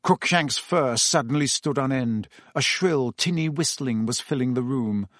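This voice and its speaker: A man reading a storybook aloud as narrator, telling it in a steady, measured way on a close mic. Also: medium pitch, dry recording. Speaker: audiobook narrator. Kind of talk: scripted narration.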